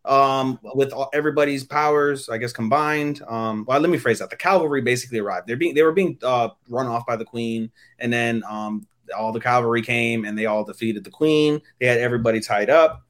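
A man's voice: medium pitch, fairly quick, hardly any pauses, fairly bright tone. A man co-hosting a podcast, giving crude, rambling episode recaps full of fillers. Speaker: podcast co-host. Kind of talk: casual chat.

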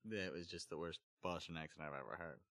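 A man co-hosting a casual chat, with a low voice and a deadpan, teasing delivery. He drifts into long anecdotes. The recording is close and dry. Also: fast talker, no room sound. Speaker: podcast co-host.

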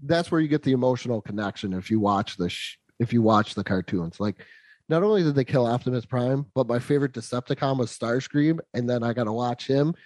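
A man's voice: mid-range voice, a little fast, darkish tone, dry recording. A man in his thirties chatting casually and enthusiastically about a movie he loves. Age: 30s. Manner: enthusiastic, nostalgic fan talk. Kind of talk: casual chat.

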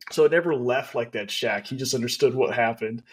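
A man's voice: mid-range voice, fairly quick, slightly rough. A man co-hosting a podcast, telling a story in a casual way with lots of fillers and laughs. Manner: laughs often, lots of fillers, animated retelling. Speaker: podcast co-host.

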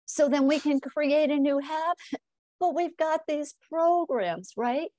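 A middle-aged woman from Connecticut speaks as a hypnotist guest on a podcast, in a voice that sits on the higher side. She tells lively stories, laughs often and repeats phrases for emphasis. The sound is dry and close, with no room around it. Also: slow, dry recording. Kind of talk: podcast interview.

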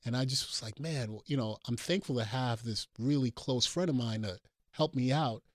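A middle-aged man telling a story in an animated way, voicing the people in it as he goes. His voice sits in the middle pitch range for a man. The sound is close and dry. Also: normal speed, no room sound. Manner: animated storyteller acting out quoted dialogue. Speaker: doctor guest. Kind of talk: storytelling on a call-in show.

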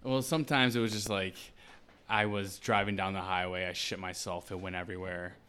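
A young man who is a guest on a casual podcast, teasing the host in a wry way and trailing off quietly at the ends of his lines. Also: sits low, little pitch movement, a little fast, clear, resonant tone.

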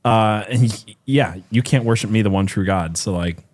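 A man's voice: fairly low pitch, moderate pace, a little mellow. Opinionated man in casual chat. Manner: opinionated, talkative, frequent restarts. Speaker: co-host.

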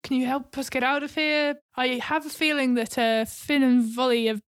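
A woman's voice: sits high, fairly even intonation, normal speed, clear, resonant tone. A woman playing in a tabletop game, chatting casually and giggling often. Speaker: player.

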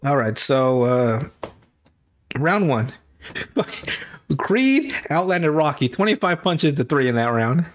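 A man's voice: fairly high pitch, very animated. A young man hosting a podcast who casually recaps movies, rambles and swears often. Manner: rambling, swears often, acts out characters with quick put-on voices. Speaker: podcast host.

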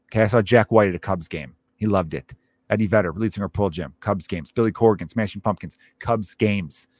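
Middle-aged guy ranting through a comedy bit, lowish voice, swears a lot, super dry close sound. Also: fairly quick, no echo. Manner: profane, animated, jumps into mocking voices. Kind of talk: rambling comic monologue.

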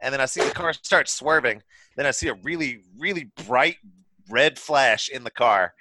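A man's voice: on the high side, normal speed, bright, forceful tone, no echo. A young man casually telling a wild story among friends, swearing and laughing as he goes.

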